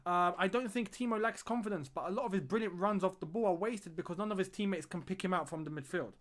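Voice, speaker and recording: Young man, high voice, live-stream host, casual chat, reads viewer comments, repeats phrases. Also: quick pace. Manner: chatty, thanks viewers and reads out their comments. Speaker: fan channel host.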